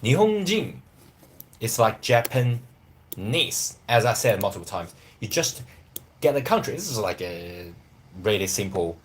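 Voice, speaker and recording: A man teaching a casual live lesson, talking in a lively way and often asking "right?" as he goes. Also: fairly low pitch, unhurried, slight background noise. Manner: lively, repeats "right?" and "you know what?". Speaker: Japanese language teacher.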